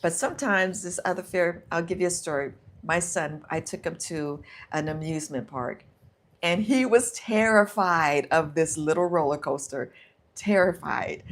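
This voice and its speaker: A woman with a fairly low voice hosts a live motivational stream and talks casually into a close microphone. Her delivery is animated, and she slips into self-talk as she encourages her listeners. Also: a little hiss or hum. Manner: warm, animated self-talk, sometimes laughing.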